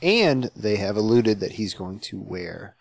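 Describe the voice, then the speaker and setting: A man's voice: on the low side, lively intonation, measured pace, creaky. A man co-hosting a casual podcast chat, sardonic and opinionated, teasing his co-host.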